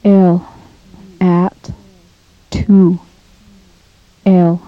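A woman leads a recorded language lesson at a very slow, measured pace, repeating each phrase for listeners to copy. Her voice sits low and stays level, with little rise or fall. The sound is dull and lo-fi, from an old cassette tape. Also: flat delivery, dry recording. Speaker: language teacher.

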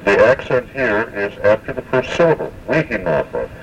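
A man giving a spoken language lesson, slowly and carefully repeating words to show their pronunciation, with many hesitations. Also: mid-range voice, far from the mic, slight background noise, low-quality recording. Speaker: language teacher.

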